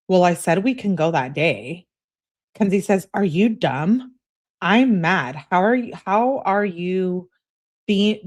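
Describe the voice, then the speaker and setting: A woman's voice: lowish voice, a little mellow. A woman commentating on a true crime case, reading out text messages and reacting bluntly with sarcasm and swearing.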